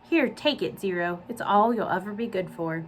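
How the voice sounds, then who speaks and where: A woman's voice: medium pitch, normal speed, a little hiss or hum, natural voice. Mean mocking counselor guy, read by a woman, sarcastic, sneery. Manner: sarcastic and scornful. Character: sneering, mocking adult male camp counselor.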